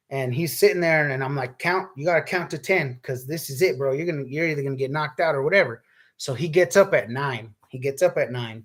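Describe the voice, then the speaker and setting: A man telling a story in a loose, laid-back way, with plenty of swearing. His voice sits a little high for a man, and he acts out what people said as he goes. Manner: laid-back, profane, animated retelling with quoted dialogue. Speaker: vlogger telling a personal story. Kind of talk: casual storytelling.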